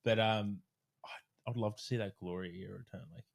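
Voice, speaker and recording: A man with a low, slightly deep voice chats loosely on a podcast. He tells stories with lively energy, tossing in a swear word here and there, and sounds like a strength coach talking shop with friends. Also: a little fast, vocal fry. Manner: animated storyteller, swears freely. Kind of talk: casual podcast chat.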